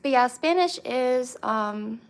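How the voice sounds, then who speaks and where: A young woman chatting casually with viewers, rambling with lots of fillers and pauses. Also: a little high, animated. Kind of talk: casual chat.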